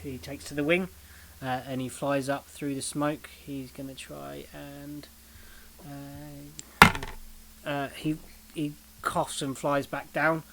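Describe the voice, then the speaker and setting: A man runs a tabletop game as its game master, describing scenes in a calm, matter-of-fact way. A faint hiss sits under the recording. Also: fairly high pitch, slow pace, creaky, rough recording.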